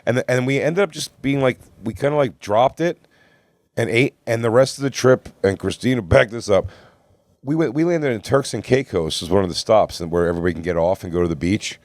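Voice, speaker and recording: A man's voice: medium pitch, brisk, no room sound, studio quality. A man co-hosting a comedy podcast, telling a rambling, profane story and acting out what others said. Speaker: podcast co-host. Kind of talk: casual storytelling among friends.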